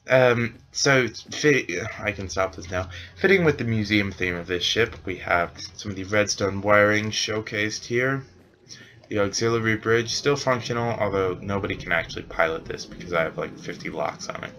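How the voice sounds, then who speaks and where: A man's voice: lowish voice, moderate pace, fairly bright tone. A man who runs a game server, narrating a casual gameplay tutorial with jokey asides and frequent self-corrections.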